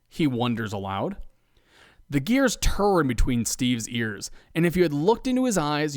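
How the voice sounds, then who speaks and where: A man narrating a comic tale with a lively, bouncing pitch and deadpan asides. His voice sits in a middle range and is recorded dry and close. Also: no echo. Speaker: podcast narrator. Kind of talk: scripted comedic narration.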